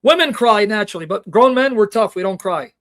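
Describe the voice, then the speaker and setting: A man's voice: high-pitched, lively intonation, brisk, a bit bright. A man hosting a livestream Bible teaching, passionate and emotional, speaking straight to his viewers and asking them rhetorical questions. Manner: reads scripture references aloud with rhetorical questions. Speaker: Bible teacher and show host.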